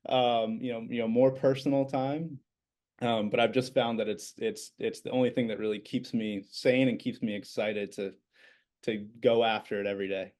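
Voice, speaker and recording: A talkative man in his thirties tells stories as a podcast guest. His voice sits at a middle pitch. He talks casually, restarts his sentences and leans on fillers. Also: fairly even intonation, normal speed, darkish tone. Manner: chatty, repeats words at starts, many fillers. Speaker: business owner, podcast guest. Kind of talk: casual interview storytelling.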